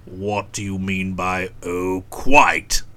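A woman reading an audiobook who voices a gruff, touchy young Englishman, answering in guarded, curt replies. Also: a bass voice, flat delivery, takes it slowly, a bit bright, pitched below the performer's own voice, heavily acted. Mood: defensive. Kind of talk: audiobook character voice.

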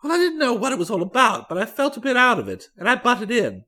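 A reader narrating a comic story as a young gentleman, in a dry, wry way. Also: medium pitch, wildly swooping pitch, fast, few pauses. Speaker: audiobook reader.

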